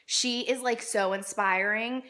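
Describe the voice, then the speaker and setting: Woman in her thirties, food blogger, bright voice, rambling with fillers, roomy echo. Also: on the high side, steady tone, unhurried. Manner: chatty and rambling, many fillers. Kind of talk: casual vlog Q and A. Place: home room at night.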